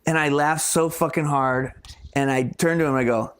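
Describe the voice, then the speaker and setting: A man's voice: fairly high pitch, steady tone, moderate pace, fairly bright tone, clear, resonant tone. A man co-hosting a loose live-stream chat, his voice sitting a little above the usual male range. He rambles through anecdotes and often trails off before finishing a thought. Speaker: co-host.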